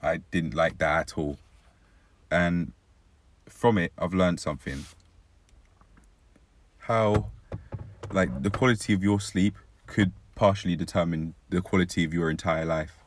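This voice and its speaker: Young male vlogger, deep voice, dry-throated, rambling and reflective; dry, close recording. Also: a little slow, long pauses, no room sound. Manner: rambling, reflective, frequent self-corrections. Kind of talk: casual personal vlog monologue.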